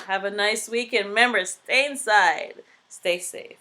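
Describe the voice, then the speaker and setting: A woman's voice: mid-range voice, takes it slowly, sharp tone, a little hiss or hum. A woman vlogger telling a story in a casual, emphatic way, repeating phrases for stress.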